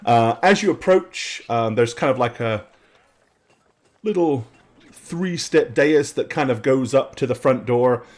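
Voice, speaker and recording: A man's voice: medium pitch, animated, measured pace, darkish tone. Guy running a tabletop game, bouncy voice, lots of ums and kind ofs. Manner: rambling descriptions full of ums and "kind of". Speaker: game master.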